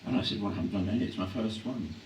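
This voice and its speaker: Older man, hoarse, echoey distant hall. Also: on the low side, very fast, background noise. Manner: reflective, anecdotal, with frequent throat-clearing. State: voice growing hoarse. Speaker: actor being interviewed. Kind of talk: on-stage interview before a live audience. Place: hall at a public event.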